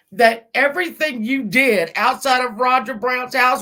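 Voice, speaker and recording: A woman's voice: a little high, lively intonation, normal speed, hardly any pauses. Furious woman ranting on a live stream. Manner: profane, scolding, bursts into shouting. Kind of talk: angry live-stream rant. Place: in a car.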